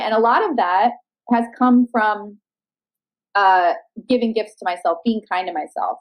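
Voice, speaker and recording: A woman's voice: mid-range voice, a little slow, rough recording. A woman in casual chat on a video call, talking candidly and swearing freely. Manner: candid, swears freely, acts out quoted talk. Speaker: guest.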